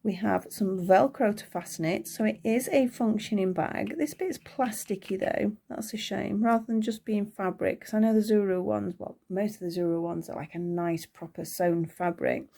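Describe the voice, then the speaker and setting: Chatty British woman, slightly gravelly. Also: medium pitch, normal speed, few pauses. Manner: chatty, thinking aloud, small excited gasps. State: losing her voice. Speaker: toy unboxing vlogger. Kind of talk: unboxing review.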